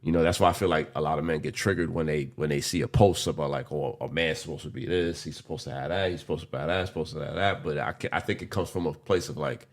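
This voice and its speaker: A very deep-voiced man in his forties chatting on a podcast. He talks candidly and loosely, rambling through his thoughts with street slang and occasional swearing. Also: quick pace, hardly any pauses. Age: 40s. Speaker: podcast co-host. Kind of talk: casual chat.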